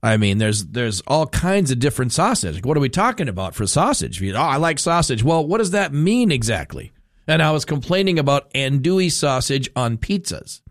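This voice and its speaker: A male talk radio host rambling through a casual on-air monologue. His pitch rises and falls a lot, and he sounds amused with himself. The studio sound is dry and close. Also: moderate pace, dry recording. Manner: rambling, animated, self-amused.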